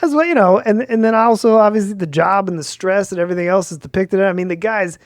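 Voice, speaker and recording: A man co-hosting a casual podcast, rambling in an animated way with lots of filler. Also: sits high, quick pace, no echo, clean studio sound. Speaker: podcast co-host, lawyer. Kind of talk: casual chat.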